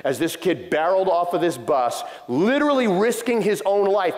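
A middle-aged man delivers a sermon in a large church hall, and his voice echoes with a long reverb. He speaks in a somewhat high voice and tells a story with passion, acting out the lines of the people in it. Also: animated, moderate pace, a little mellow. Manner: impassioned storytelling, acting out quotes. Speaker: pastor.

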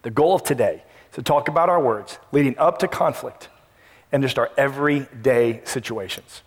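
A man preaching a sermon as pastor, telling a family story with lively asides and acting out his own past lines. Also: mid-range voice, normal speed. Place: church sanctuary. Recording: long reverb of a church hall.

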